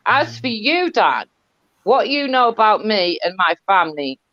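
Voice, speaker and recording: A woman's voice: mid-range voice, very animated, unhurried, bright, forceful tone, no echo, muffled recording. A woman guest on a heated live online panel, defensive and dismissive, talking over the host.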